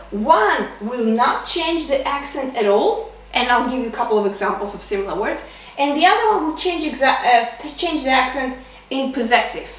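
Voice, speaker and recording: A woman teaching a beginner language lesson, explaining patiently step by step and pausing to correct herself. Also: high-pitched. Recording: roomy echo, distant from the mic.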